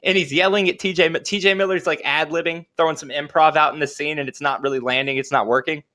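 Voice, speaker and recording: A man's voice: a little high, steady tone, quick pace, sharp tone. A young man co-hosting a casual podcast, telling rambling stories, laughing often and trailing off mid-sentence. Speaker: podcast co-host. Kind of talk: casual chat.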